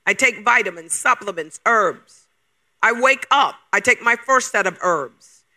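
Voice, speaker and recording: Male preacher with a very high, bright, forceful voice and an emphatic question-heavy delivery. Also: animated. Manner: emphatic, fires rapid rhetorical questions. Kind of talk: sermon.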